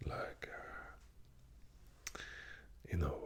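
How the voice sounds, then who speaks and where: A man talking in a soft, hesitant ASMR whisper close to the mic, with many fillers and quiet laughs. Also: low voice, slow pace. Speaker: ASMR creator. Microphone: close microphone.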